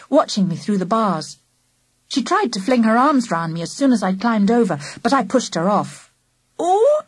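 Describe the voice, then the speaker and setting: Lively woman reading a children's story. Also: medium pitch, slightly rough, no room sound. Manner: lively, animated first-person storytelling. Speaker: audiobook narrator. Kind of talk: storybook narration.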